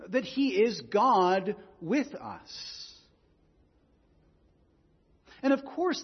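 A man's voice: high voice, slightly rough, in a large hall, muffled recording. A man preaching a sermon in an earnest way, often repeating words as he goes. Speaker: pastor.

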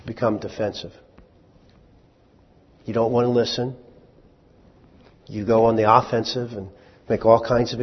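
A man's voice: fairly low pitch, breathy edge. A man preaching a sermon in a conversational way, asking his listeners questions and then answering them himself. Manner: conversational, with small restarts. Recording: dull, lo-fi hall recording.

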